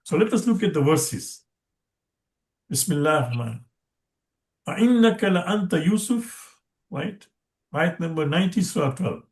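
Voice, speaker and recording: Halting male teacher, higher voice. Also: animated. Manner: halting, checks in with rising "right?" and "no?"; chants verses quickly at a raised pitch. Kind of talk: online class lesson.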